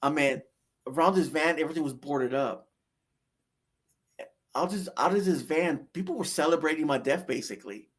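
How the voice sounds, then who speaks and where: A guest shares his near-death experience in a casual, rambling way, full of fillers and restarts. His voice is a little high, at normal speed, with long pauses and a breathy edge.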